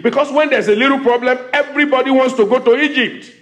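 Nigerian pastor preaching in church, fairly high voice, keeps repeating lines and calling out for amens. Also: male voice, fast talker, fairly bright tone. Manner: preaching with call-and-response, repeating phrases for emphasis. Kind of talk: sermon. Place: church service.

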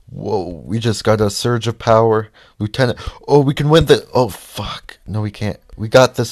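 A man giving casual gameplay commentary, reacting loudly to the race and muttering frustrated asides. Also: on the low side, no room sound, studio quality. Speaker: let's play gamer.

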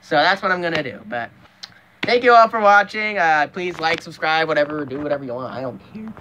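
A young man vlogging at home, his fairly high, bright voice jumping around as he rants with plenty of swearing. He trips over his words and starts over, and a faint room ambience hangs behind him. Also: animated, fairly quick, a little hiss or hum. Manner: profane and emphatic, with frequent restarts. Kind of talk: casual vlog rant.

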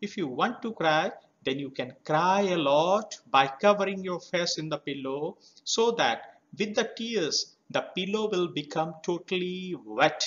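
A man teaching a children's poem, explaining words slowly and spelling them out letter by letter. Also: sits high, animated, a bit bright. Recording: slightly dull lo-fi recording.

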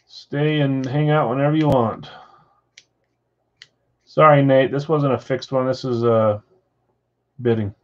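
A man's voice: mid-range voice, steady tone, a little slow, long pauses, a little mellow, lo-fi sound. A man hosting a live card-break stream from home, chatting casually and reading viewer comments aloud. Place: house with a floor above.

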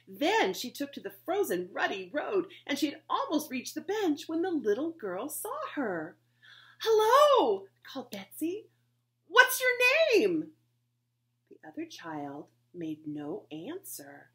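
A woman reading a children's chapter book aloud with expressive, lively storybook delivery. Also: mid-range voice. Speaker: reader, society board member.

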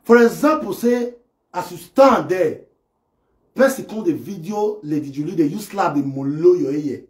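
A man doing a comic live-stream rant, excitable and mocking as he acts out imagined scenes. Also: sits high, normal speed. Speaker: comedy live video host. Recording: echoey room.

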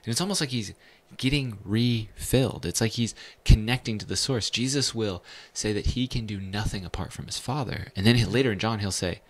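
Casual, low-voiced man teaching scripture. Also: a little fast, few pauses. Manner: casual and animated, slips into slang. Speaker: pastor. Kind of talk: conversational Bible teaching.

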